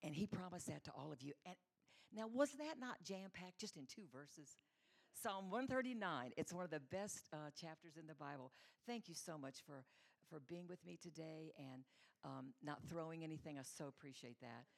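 Woman, middle-aged, sermon, lively storyteller, low pitch, gravelly. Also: moderate pace. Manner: animated storyteller acting out voices. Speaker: women's Bible teacher. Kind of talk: sermon with personal stories.

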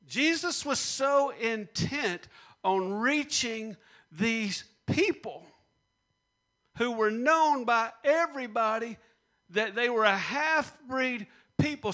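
High bright guy preaching a sermon, repeats his punchlines, gets the crowd to answer back. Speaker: pastor.

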